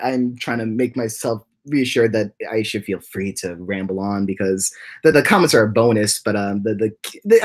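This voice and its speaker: A man hosting a casual livestream, rambling through his thoughts and reading chat comments, with many restarts and repeated words, and often jumping up into high, giddy laughing bursts. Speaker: livestream host and animation creator.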